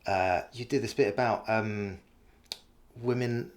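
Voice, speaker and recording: A man's voice: lowish voice, fairly even intonation, unhurried. A man hosting a podcast, interviewing a comedian in a thoughtful, encouraging way with plenty of ums. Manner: thoughtful and encouraging, with many fillers. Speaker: podcast host. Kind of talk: casual interview.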